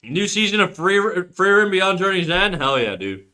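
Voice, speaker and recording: Male streamer, 30s, slightly high and very bright tone, relaxed and profane chat-reading delivery. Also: normal speed. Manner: profane, laid-back, reads chat aloud. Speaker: art livestreamer. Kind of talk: casual livestream chat.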